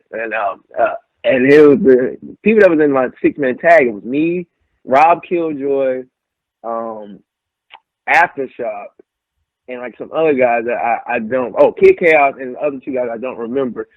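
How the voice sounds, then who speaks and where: A man's voice: mid-range voice, moderate pace, no echo. Young man on a tinny phone-like line. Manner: animated storyteller, acts out quotes. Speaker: pro wrestler, guest. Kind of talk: casual storytelling interview.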